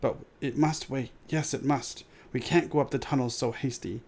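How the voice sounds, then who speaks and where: A man's voice: steady tone, moderate pace, a little mellow, natural voice. A man voicing a slimy, desperate cave creature who hisses and wheedles while reading a storybook aloud. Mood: wheedling. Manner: hissing, wheedling, shrill when upset.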